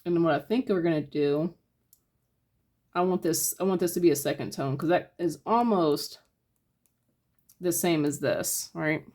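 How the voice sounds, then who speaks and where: Low, mellow woman teaching painting. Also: unhurried, pauses often. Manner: relaxed, thinking aloud, many hedging fillers. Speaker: painting instructor. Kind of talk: casual step-by-step painting tutorial.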